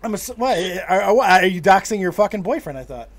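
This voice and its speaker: A brash, foul-mouthed man hosting a loose podcast, ribbing his co-host. His voice swings widely in pitch as he talks. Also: animated, a little fast, slight background noise. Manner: brash, profane, teasing. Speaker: show host. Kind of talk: casual podcast banter.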